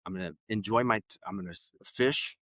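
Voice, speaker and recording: A middle-aged man, a podcast guest, telling stories in a relaxed way with lots of fillers and restarts. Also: lowish voice, fairly quick, no echo. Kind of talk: casual interview storytelling. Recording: slightly dull, dry sound.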